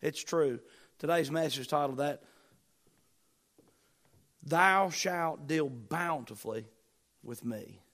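A middle-aged male pastor delivers a sermon slowly in a fairly high voice, pausing often. He preaches in emphatic, rising bursts, then drops into quiet asides to the congregation.

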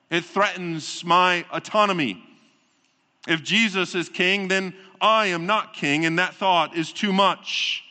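A pastor delivering a sermon in a deliberate, emphatic way, repeating phrases and asking rhetorical questions. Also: male voice, fairly high pitch, pushed and bright. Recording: long reverb of a large hall.

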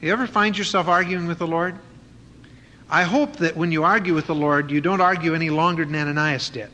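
A man's voice: on the high side, fairly quick, pushed and bright. A man preaching an expository sermon in a conversational way, with frequent fillers and restarts. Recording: faint noise and long reverb of a hall.

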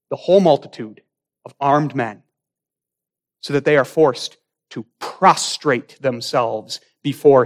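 A man delivers a sermon in a slow, deliberate cadence. His voice sits high for a man. He leans hard into key words, then drops almost to a murmur, building drama line by line. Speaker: preacher.

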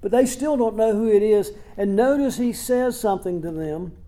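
Man, pastor, sermon, high voice, warm mellow tone, conversational, rhetorical questions. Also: moderate pace. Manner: retells scripture scenes in everyday words. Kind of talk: expository sermon.

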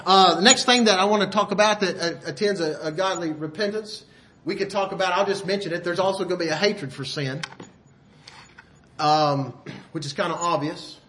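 High, bright-voiced male preacher. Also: normal speed. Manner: folksy, asks listeners rhetorical questions; often clears throat. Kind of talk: sermon.

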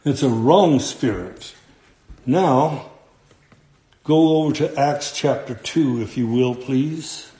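A man preaching a sermon, slow and deliberate, quoting scripture in old-fashioned phrasing. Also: mid-range voice, dark tone, reverberant.

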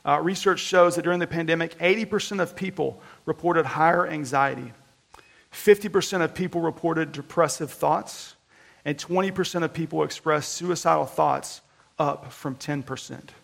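A man preaching a sermon to his congregation in an earnest, conversational way, acting out quotes with lively energy. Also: on the high side, normal speed, vocal fry. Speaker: pastor.

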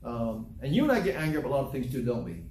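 A man's voice: medium pitch, sing-song, rapid-fire, darkish tone, reverberant, a little hiss or hum, low-quality recording. A man preaching a sermon as pastor, talking conversationally and teasing his congregation with questions.

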